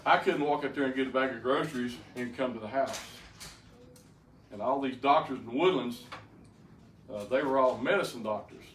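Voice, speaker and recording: A man's voice: mid-range voice, normal speed, fairly bright tone. Brief: older man, folksy testimony, stammering restarts, echoey room with faint noise behind. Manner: plainspoken storyteller with frequent stammered restarts. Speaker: speaker giving a personal testimony. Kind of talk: folksy personal testimony to a group. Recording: roomy, distant mic, faint background noise.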